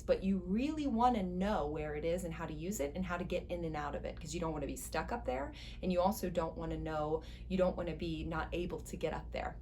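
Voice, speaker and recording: Female voice teacher, low-ish speaking voice, encouraging step-by-step lesson delivery. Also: warm tone, slight background noise. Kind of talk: instructional voice lesson.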